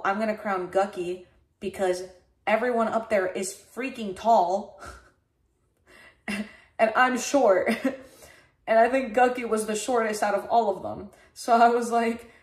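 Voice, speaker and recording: A woman streamer tells a story in a casual chat on her livestream. She is animated, swears freely and acts out her own past reactions, with a voice of ordinary middle pitch for a woman.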